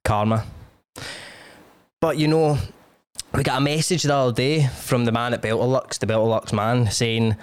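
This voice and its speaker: A man's voice: medium pitch, steady tone, moderate pace, smooth, no echo. A man hosting a podcast, doing a brash, joking sponsor read. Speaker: podcast host. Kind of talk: casual chat and ad read.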